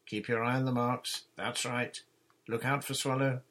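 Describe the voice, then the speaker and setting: A man's voice: medium pitch, level tone, moderate pace, a bit bright, pitched above the performer's own voice, close to an everyday voice. A man doing a commanding boy captain. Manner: earnest, giving orders.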